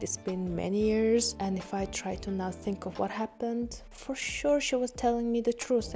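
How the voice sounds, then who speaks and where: Young woman, podcast host, candid storytelling, frequent swearing, mellow tone, faint music underneath. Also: medium pitch. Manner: frank, swears often, laughs at herself.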